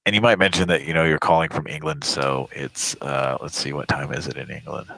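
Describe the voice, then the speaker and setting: A man's voice: rumbling low, little pitch movement, moderate pace, creaky, bright, forceful tone, dry recording, low-quality recording. A young man hosting a live prank call show, rambling in casual, profane banter and laughing often.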